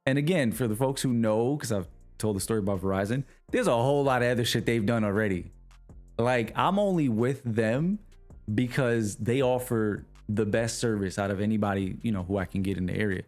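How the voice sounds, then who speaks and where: A man's voice: on the low side, fairly quick, soft background music. A young man hosting a livestream, telling his chat a long, exasperated story and voicing the people in it. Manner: animated, exasperated retelling with voiced quotes. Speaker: livestream host.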